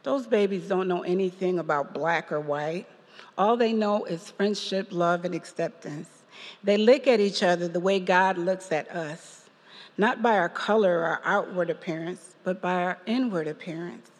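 A woman's voice: fairly low pitch, moderate pace, long reverb tail. A woman giving a personal testimony at a church service, telling a story with quoted voices and laughter. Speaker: parishioner giving a reflection.

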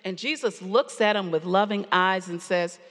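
A woman preacher giving a sermon, earnest and storytelling with pauses, in a church sanctuary. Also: medium pitch, a bit bright, slight background noise. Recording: long hall reverb.

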